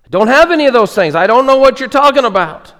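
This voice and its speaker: A man's voice: very high-pitched, expressive, quick pace, a bit bright, voice pushed up, heavily acted. A man voicing a bewildered, newly saved thief who stammers and pleads. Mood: flustered. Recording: echoey hall reverb.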